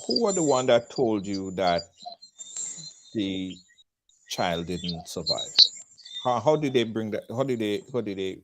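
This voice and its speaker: A man hosting an interview, asking gentle, halting questions. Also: fairly low pitch, big pitch swings. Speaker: show host interviewer. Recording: loud background noise with clicks.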